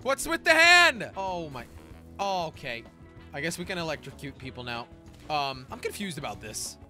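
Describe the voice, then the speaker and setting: A young man hosting a gaming channel, narrating his play in an excitable, jokey way with frequent laughs and sudden shouts. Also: a little high, moderate pace, music in the background. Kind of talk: game commentary.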